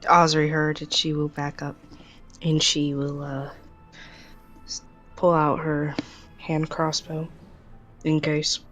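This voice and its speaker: A woman playing in a tabletop game, excitable as she declares her character's actions. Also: deep voice, slow, long pauses, soft background music. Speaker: player.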